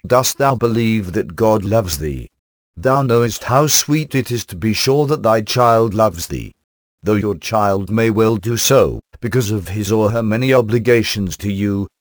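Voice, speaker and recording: A man with a low voice delivers a sermon in formal, old-fashioned phrasing. He reads at a measured pace, and the recording is dry and close, with no room sound. His tone stays steady and earnest. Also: no echo. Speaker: preacher. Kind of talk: sermon reading.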